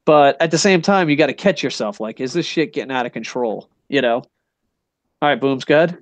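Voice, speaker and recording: A man's voice: medium pitch, expressive, moderate pace, no room sound. A middle-aged man hosting a casual wrestling podcast, rambling and swearing with big enthusiasm and asking "you know what I mean?" again and again. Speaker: podcast host. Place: Japan.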